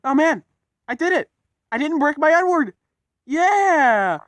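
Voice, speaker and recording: Excitable, boastful male engine, high and lively, as a man puts him on. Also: slow pace, no room sound, exaggerated voice. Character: proud cocky male steam engine.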